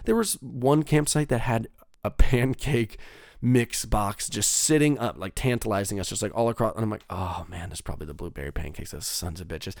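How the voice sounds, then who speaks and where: Young man, gravelly, casual storytelling, swears a lot, dry close mic. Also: mid-range voice, darkish tone, no echo. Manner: rambling, profane, lots of filler likes.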